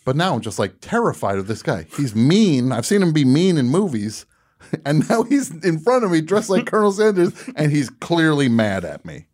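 Animated man telling a funny story. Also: a little high, normal speed. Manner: animated, laughs at his own story. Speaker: radio show host. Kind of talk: casual comedic storytelling.

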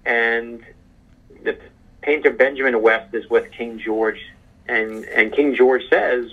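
A man being interviewed as an author on a podcast, telling stories in an animated, emphatic way over a remote call. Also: medium pitch, unhurried, narrow, tinny audio. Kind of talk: casual interview chat.

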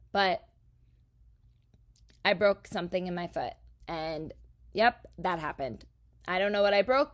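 A woman from New Jersey, a podcast host, telling a story in a casual, animated, profane way. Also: medium pitch.

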